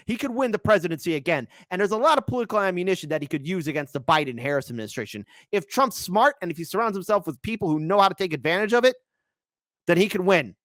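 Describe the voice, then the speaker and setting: A man hosting a political commentary livestream, sarcastic and switching between loud outbursts and quiet asides. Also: high-pitched, expressive, fast, no echo, clean studio sound.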